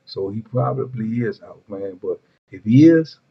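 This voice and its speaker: Husky middle-aged man, street slang storytelling, muffled lo-fi recording. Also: on the low side, animated, normal speed. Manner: laid-back street slang, rambling asides. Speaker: storyteller host. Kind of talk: casual prison storytelling.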